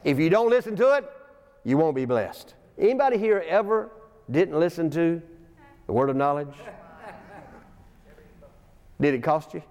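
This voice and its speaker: A man's voice: a little high, lively intonation, moderate pace, long pauses, a little mellow. A man preaching a sermon in a folksy way, telling stories with chuckling asides and reading scripture aloud in a church. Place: church sanctuary. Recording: long church reverb.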